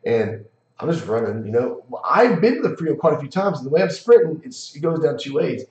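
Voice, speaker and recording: A man's voice: a little high, big pitch swings, a little fast, darkish tone. Guy rambling thru a crude party story, swears a lot, lo-fi echoey room. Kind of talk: casual storytelling chat. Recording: echoey room, dull lo-fi sound.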